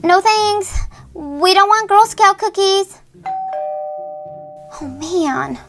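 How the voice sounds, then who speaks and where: A woman's voice: very high-pitched, extremely slow, music in the background, full character voice. A woman playing an exasperated teen big sister. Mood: bossy. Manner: exasperated, sing-song, scolding. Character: teen big sister babysitting, bossy but kind. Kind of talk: toy doll role-play.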